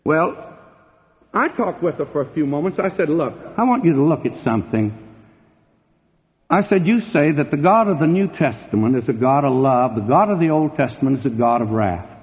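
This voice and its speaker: A man's voice: a little high, expressive, moderate pace. Emphatic preaching man, tinny and echoing. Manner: emphatic, sweeping swings between loud and hushed. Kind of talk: sermon. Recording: tinny narrow-band sound with long hall reverb.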